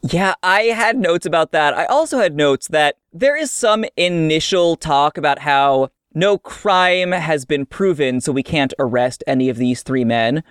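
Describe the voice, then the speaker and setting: A co-host in a casual film chat, speaking in a dry, incredulous, deadpan way. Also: medium pitch, measured pace, hardly any pauses, clean tone, no echo. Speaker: podcast co-host.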